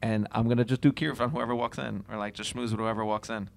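A man's voice: lowish voice, steady tone, fast talker, gravelly. A man talking reflectively in a casual chat as a co-host, often restarting his sentences and laughing.

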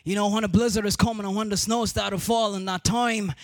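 A male preacher retelling a story in a sing-song sermon cadence, repeating and restarting words, building up to shouting. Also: sits high, steady tone, fast talker, no echo.

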